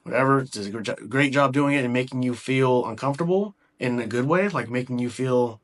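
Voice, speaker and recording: A man's voice: mid-range voice, a little fast. A young man giving a casual film review, rambling and enthusiastic with lots of fillers and restarts. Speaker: movie reviewer.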